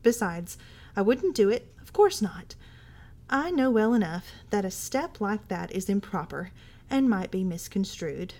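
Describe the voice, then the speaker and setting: Woman narrator, mid-pitched, dramatic storybook reader who swings between whispers and agitation. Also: very animated, measured pace. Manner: intense, shifting between hushed whispers and agitated outbursts. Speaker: library podcast reader. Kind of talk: dramatic reading of a first-person story.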